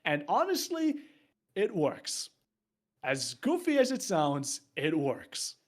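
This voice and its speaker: A man's voice: high-pitched, wildly swooping pitch, slow pace. A young man, an esports caster, chatting casually and playfully as a guest, laughing as he talks. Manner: laughs often while talking, playful. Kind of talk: casual chat.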